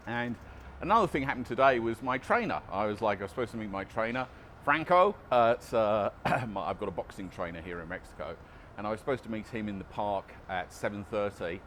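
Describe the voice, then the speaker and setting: This man's casual outdoor vlog about recovery is delivered in a lowish, slightly bright voice that's expressive and fairly quick, with a little background noise. He's chatty and self-deprecating, frequently starting his sentences over.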